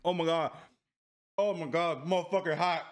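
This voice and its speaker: A man vlogging a spicy food challenge, excitable and swearing, groaning and coughing as the heat hits him. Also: a little high, normal speed. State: in pain from heat, teary. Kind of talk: casual food challenge vlog.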